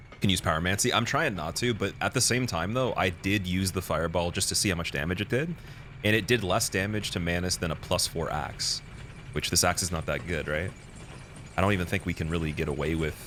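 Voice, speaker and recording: Low-voiced young man streaming, chatty. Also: fairly bright tone, a little hiss or hum. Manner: rambling, chatty, laughs often. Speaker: game streamer. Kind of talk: casual live gameplay commentary.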